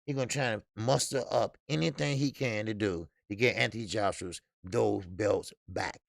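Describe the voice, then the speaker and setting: A man's voice: lowish voice, moderate pace, creaky, no echo, clean studio sound. A man hosting a casual boxing live stream, blunt and profane, laughing often and greeting chat viewers. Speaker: boxing show host.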